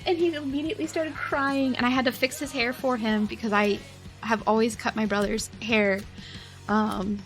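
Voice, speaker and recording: A young woman talks to her stream in a loose, giggly ramble, leaning on "like" in nearly every phrase. Her voice sits slightly on the higher side. Soft music plays faintly in the background. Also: steady tone, moderate pace. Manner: rambling, giggly, heavy use of "like". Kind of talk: casual storytelling to a live chat.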